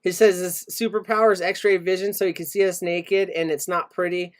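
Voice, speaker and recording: A man hosting a podcast in casual chat, joking, laughing often and reading out shout-outs to his chat. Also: high-pitched, flat delivery, a little fast. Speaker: podcast host.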